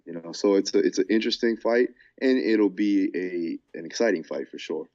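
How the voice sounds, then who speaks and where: Deep-voiced laid-back man, lo-fi sound. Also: moderate pace, a little mellow. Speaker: podcast co-host and fight coach. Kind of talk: casual chat.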